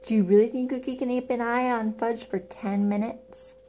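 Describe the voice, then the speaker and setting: A fretting storybook mom, read by a woman, gentle and a bit flustered, slightly raised in pitch. The tone stays mellow and soft. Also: steady tone, moderate pace, a little hiss or hum, lightly acted. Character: fussy, caring young mother.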